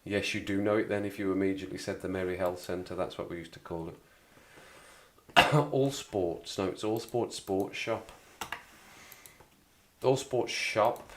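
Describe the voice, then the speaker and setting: A low-pitched, slightly slow male voice, recorded with a little hiss or hum, belongs to a livestream host from the Black Country in England. In his local Black Country English accent, he chats casually with his live chat, rambling and repeating himself.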